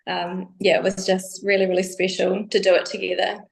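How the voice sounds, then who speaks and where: A woman's voice: mid-range voice, flat delivery, brisk, creaky. A woman guest in a casual podcast interview, her voice in an ordinary middle range. She talks hesitantly and often searches for the right words. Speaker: podcast guest, bikini athlete.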